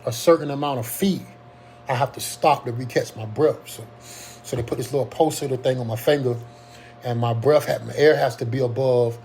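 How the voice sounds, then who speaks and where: A young man speaks in a warm, mellow voice at an ordinary pitch. His telling is earnest and halting, full of ums and restarted sentences. A faint hum sits underneath the recording. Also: steady tone. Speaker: Covid survivor telling his story. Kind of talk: casual personal testimony.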